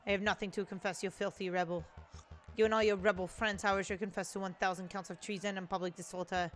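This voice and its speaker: An arrogant male pig inspector in a game, haughty and indignant, speaking a little lower and quieter, as a woman puts him on. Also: flat delivery, fast, soft background music, natural voice.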